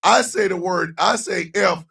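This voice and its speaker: A man hosting a radio show, joking loudly with profane rants, mock outrage and sudden shouted lines. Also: sits high, a little slow, creaky, husky, distant mic. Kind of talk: loud comedic live-stream banter.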